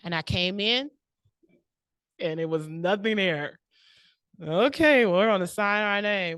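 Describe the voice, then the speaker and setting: A woman's voice: medium pitch, a little slow, pauses often, a bit bright, clean tone. A woman delivers a heartfelt, prepared speech at a club meeting, laughing often and fighting back tears. Her voice sits in a middle range and sounds dry and close, with little room echo. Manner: personal, laughing often, emotional. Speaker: club speaker.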